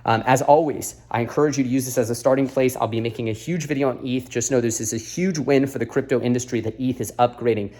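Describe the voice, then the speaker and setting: Just after a workout, a man beside an exercise machine delivers a casual crypto video update straight to camera, slightly out of breath. His voice is medium-pitched, fairly even and a little mellow, quick with few pauses, and his advice comes earnest, blunt and lecturing, full of fillers.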